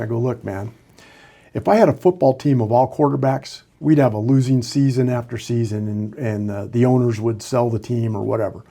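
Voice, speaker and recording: A man's voice: fairly low pitch, normal speed, mellow. A man in his sixties, a retired sheriff's lieutenant, telling candid stories in a casual podcast interview with frequent fillers.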